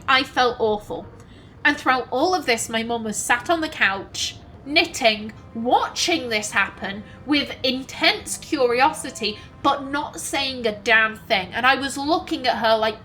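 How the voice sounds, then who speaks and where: A woman telling a personal story in an emotional, halting way. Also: on the high side, sharp tone, slight background noise, poor audio. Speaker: gaming channel host.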